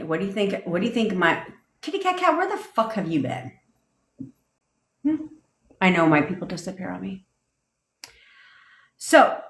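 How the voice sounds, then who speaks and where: A woman's voice: medium pitch, a bit bright. A woman manifestation coach on a livestream, ranting bluntly and swearing freely while answering viewer comments. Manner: blunt, profane, fired-up. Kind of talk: livestream rant. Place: home desk. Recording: roomy, echoey room sound.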